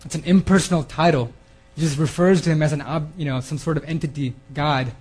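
A man's voice: fairly high pitch, fairly even intonation, brisk, darkish tone, breathy edge, poor audio. A man preaching a sermon in an earnest way, often repeating words and restarting his phrases. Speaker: preacher giving a theme talk.

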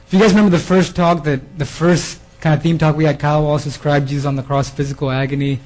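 A man's voice: on the high side, steady tone, fast, a little mellow, rough recording. A man preaching a sermon in an earnest way, often repeating words and restarting his phrases. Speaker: preacher giving a theme talk.

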